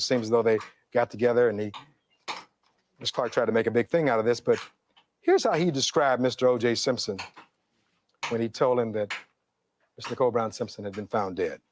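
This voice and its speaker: A man's voice: medium pitch, moderate pace, long pauses, slight background noise. A middle-aged man, a defense attorney giving a courtroom closing argument, reading testimony aloud and posing rhetorical questions in an oratorical way.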